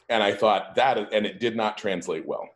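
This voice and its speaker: A tabletop game player with a lowish male voice, rambling through joking answers with plenty of fillers. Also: moderate pace.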